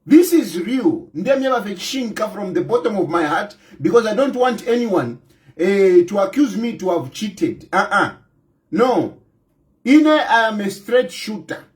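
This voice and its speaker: A fired-up Zambian man with a Zambian accent speaks straight to his listeners about politics. His voice sits high for a man and swings widely, and he repeats each point for force. He slips Bemba phrases in among the English. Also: big pitch swings, measured pace. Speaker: political commentator. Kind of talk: impassioned direct-to-camera address.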